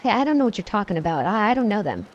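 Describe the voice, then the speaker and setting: A woman's voice: medium pitch, very animated, very fast, lo-fi sound, slight background noise, lightly acted. A woman voicing a nervous, stammering man in his early thirties, reading a scary story aloud. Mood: evasive. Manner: stammering, pleading.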